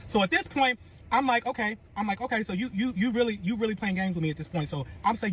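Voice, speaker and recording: A man's voice: very high-pitched, fast, a bit bright, a little hiss or hum. A man telling a story in heated, profane bursts, repeating words as he talks. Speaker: storyteller in a clip.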